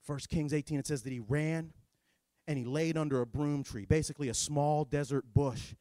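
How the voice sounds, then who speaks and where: A man preaching a sermon in a sarcastic, animated, jokey way. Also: on the high side, normal speed, dry recording. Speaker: pastor.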